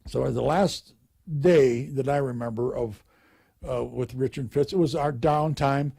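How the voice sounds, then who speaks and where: Husky older veteran recalling the past. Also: male voice, medium pitch, warm tone. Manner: halting, with many restarts. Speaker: veteran interviewee. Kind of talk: recounting memories.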